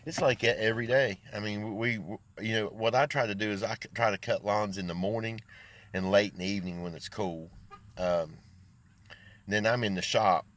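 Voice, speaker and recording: A man's voice: lowish voice, steady tone, normal speed, fairly bright tone. An older man who runs a small engine repair and lawn care business, chatting casually and rambling in a folksy way. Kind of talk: casual vlog chat.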